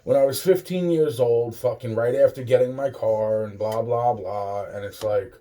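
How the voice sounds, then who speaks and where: A man's voice: medium pitch, moderate pace, mellow. A young man rambling to camera in a profane, laughing monologue full of restarts. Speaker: vlogger.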